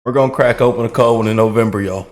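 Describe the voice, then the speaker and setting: A man's voice: medium pitch, fairly even intonation, fast. A man hosting casual political commentary, folksy, laughing and calling his audience y'all. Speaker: commentary channel host.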